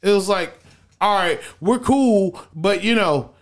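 A man's voice: high voice, slow pace. A man in casual group chat, telling profane stories and acting out quotes. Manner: profane, animated storytelling with acted-out quotes.

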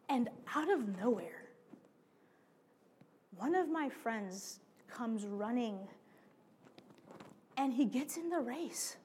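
A woman preacher telling a personal story in a sermon, animated and speaking to her listeners directly as friends. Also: high voice, slow pace, slight background noise. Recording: long hall reverb.

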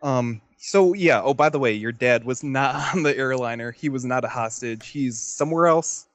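A man's voice: medium pitch, moderate pace, fairly bright tone, no room sound. A man steering a casual conversation about a video game, easygoing as he recaps the story. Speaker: podcast co-host.

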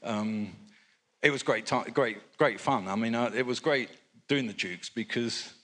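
A man's voice: medium pitch, a little slow, fairly bright tone. An older man from England, a record producer telling rambling, anecdotal stories in a live interview with chuckles.

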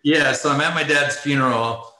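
A middle-aged man talks over a video call from an echoey room, and his voice sounds bright and forward. He rambles through his stories, leans on "like", laughs in between, and sounds tearful at moments. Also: on the high side, normal speed. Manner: rambling, says "like" often, laughs while telling. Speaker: interview guest, former ice hockey player. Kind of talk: casual interview storytelling.

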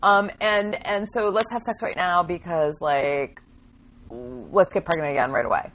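A woman's voice: on the low side, a bit bright, poor audio. A woman casually recapping a TV drama on a podcast, chatty and full of fillers. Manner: chatty, filler-heavy, quick retelling with acted quotes. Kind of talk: casual chat.

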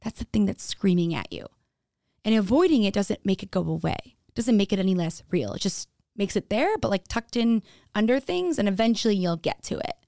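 A woman's voice: mid-range voice, lively intonation, brisk, vocal fry, dark tone, dry recording, clean studio sound. A woman telling her own story on a podcast, frank and casual, swearing freely and saying "like" often. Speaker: podcast speaker. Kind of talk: candid personal storytelling.

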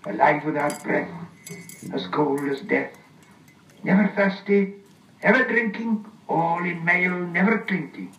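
A man reading aloud and voicing a slimy, wheedling male cave creature, hissing and squeaky, on an old archive recording. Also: unhurried, a bit bright, roomy sound, distant mic, rough recording.

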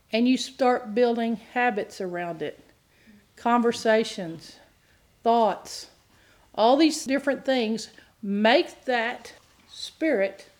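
Middle-aged female minister, somewhat high-pitched, earnest sermon delivery that builds to fervent appeals. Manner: earnest, rises to impassioned pleading. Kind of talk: teaching sermon.

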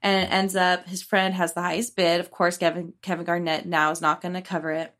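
A woman co-hosting a podcast, casually recapping a film in a rambling, animated way, quoting characters and swearing freely. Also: lowish voice, fairly quick. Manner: rambling, animated retelling with quoted voices and swearing. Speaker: podcast co-host.

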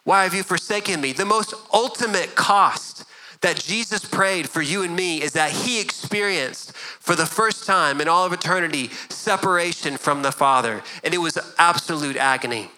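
A man's voice: fairly high pitch, moderate pace, sharp tone, poor audio. A middle-aged man preaching a sermon as a pastor, earnest and conversational, often repeating words as he goes.

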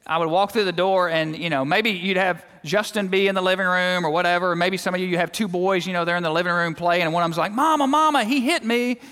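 A male guest preacher giving a sermon in a church, telling lively, joking stories and acting out everyday scenes. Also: high-pitched, fast, hardly any pauses, smooth, big-room sound. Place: church sanctuary.

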